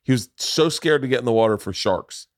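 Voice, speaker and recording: A man's voice: mid-range voice, brisk, dry recording. Florida guy hosting a podcast, rambly and swears a lot, dry close mic. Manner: rambling, profane, self-interrupting. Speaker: podcast host. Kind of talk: casual storytelling chat.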